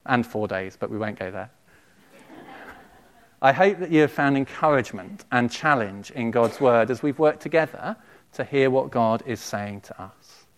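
A man delivers a sermon to his congregation in a church, speaking. His preaching is earnest and measured, with an even, mid-range pitch. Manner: earnest, measured preaching with quotations read aloud. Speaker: pastor.

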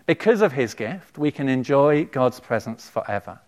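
A man, a pastor giving a sermon in a church, earnest and measured. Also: mid-range voice, sing-song. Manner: earnest, measured preaching with quotations read aloud.

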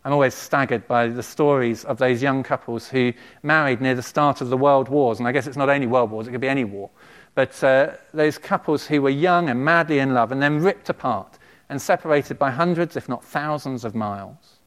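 A man, a pastor giving a sermon in a church, earnest and measured. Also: mid-range voice, fairly bright tone. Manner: earnest, measured preaching with quotations read aloud.

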